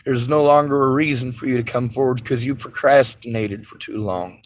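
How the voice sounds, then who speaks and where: A man delivering a bitter, angry vlog monologue, swearing heavily and rising into shouts. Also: mid-range voice, moderate pace. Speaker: vlogger.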